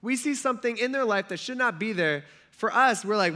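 A man's voice: high-pitched, fairly quick. A man preaching a sermon in a casual, conversational way, acting out quotes as he talks. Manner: conversational and animated, acts out quotes. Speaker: pastor.

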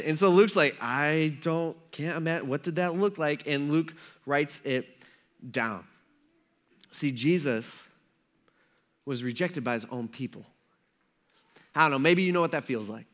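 A man's voice: medium pitch, moderate pace, long pauses, a bit bright. A young man preaching a sermon in a casual, joking way, acting out the people he talks about. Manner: casual, joking preacher who acts out quotes. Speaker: pastor.

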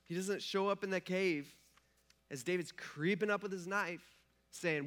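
A pastor preaches to his congregation, turning scripture into a casual, lively retelling. His voice sits a little high and sounds bright and forceful. He slips into the characters' lines in an everyday tone. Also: normal speed. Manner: conversational storytelling, acts out characters casually. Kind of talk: sermon.

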